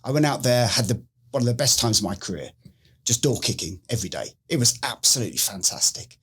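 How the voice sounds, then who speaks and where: A man's voice: medium pitch, fast, slightly rough. A middle-aged British man, a former special forces medic, telling a story in a casual interview and acting out what people said. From United Kingdom. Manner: animated storyteller who acts out quoted lines.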